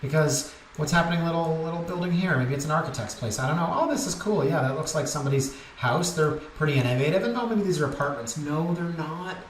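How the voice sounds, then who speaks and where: Recorded in an echoey room with faint noise, this man's fairly high, animated voice moves quickly with few pauses. He's a Canadian real estate agent offering candid, wandering commentary on the market as he reviews listings.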